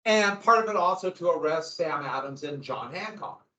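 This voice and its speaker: A man teaching a history class, lecturing in an animated way with asides and acted-out quotes. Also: on the high side, normal speed. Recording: roomy, dull lo-fi classroom recording.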